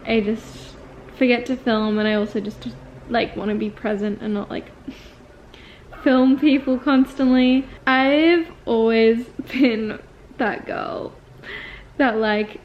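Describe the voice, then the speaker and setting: A woman's voice: a little high, lo-fi sound, a little hiss or hum. A woman in her twenties talking to her viewers in a casual confessional vlog, chatty and rambling with lots of "like" fillers. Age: 20s. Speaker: vlogger and acting student.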